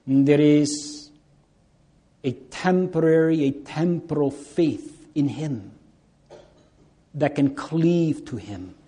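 A man preaching a sermon, slow and earnest, drawing out pleading cries. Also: fairly high pitch, warm tone.

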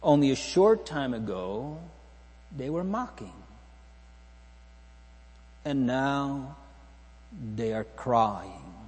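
Slow husky-voiced male preacher. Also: medium pitch, lively intonation, darkish tone, long reverb tail. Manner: solemn, repetitive, rhetorical questions to the congregation. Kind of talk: sermon. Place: church.

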